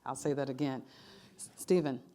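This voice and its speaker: A woman moderating a panel, brisk and affirming, who passes the floor to the next speaker. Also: extremely low pitch, steady tone, dark tone. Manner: affirming, brisk, frequent murmurs of agreement.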